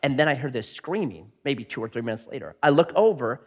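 A man in his thirties preaching a sermon, telling a family story with animated, self-deprecating humor. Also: medium pitch, fast talker, breathy edge. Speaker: pastor.

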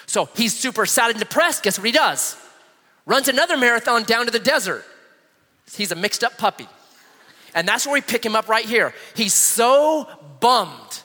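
Lively high-voiced preacher in a reverberant hall. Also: male voice, normal speed. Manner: animated storytelling with acted-out quotes. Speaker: pastor. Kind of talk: sermon.

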